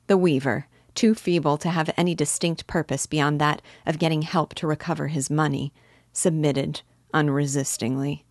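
Low-voiced woman reading a classic novel. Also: steady tone, moderate pace, no echo, studio quality. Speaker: literature teacher reading aloud. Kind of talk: audiobook narration.

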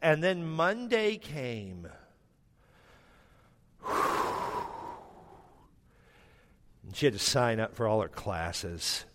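A man's voice: medium pitch, expressive, measured pace, few pauses, a bit bright, in a large hall, slight background noise. A man preaching a sermon, telling a personal story with self-mocking humor and emotion. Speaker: pastor.

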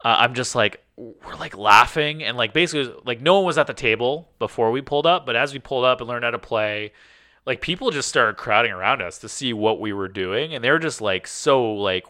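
A co-host on a casual podcast, speaking with a medium pitch and a fairly quick pace, tells rambling stories loaded with "like." He animatedly acts out the conversations he quotes, captured in clean, echo-free studio sound.

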